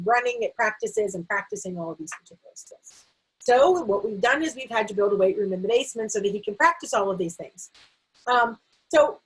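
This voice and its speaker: A woman's voice: mid-range voice, slightly rough, rough recording. A middle-aged American woman, a literacy educator, explaining a teaching framework in an explanatory way with frequent fillers and restarts.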